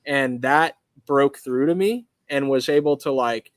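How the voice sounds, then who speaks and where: A man's voice: medium pitch, a little slow, dry recording. Laid-back Arizona man on a video call. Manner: laid-back, rambling, filler-heavy talk. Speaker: podcast guest, welding shop owner. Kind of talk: casual interview chat. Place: his welding shop.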